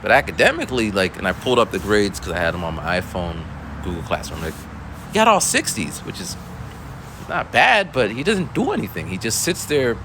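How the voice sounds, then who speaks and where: A man's voice: fairly low pitch, sing-song, a little fast, background noise. A male schoolteacher telling a story in a casual, rambling monologue, full of restarts and voiced quotes. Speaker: school teacher.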